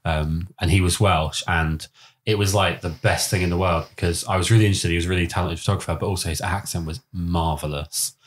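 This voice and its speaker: Very low-voiced southern English man. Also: fast. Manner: animated storyteller, acts out voices, laughs often. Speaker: podcast host. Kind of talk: casual podcast chat.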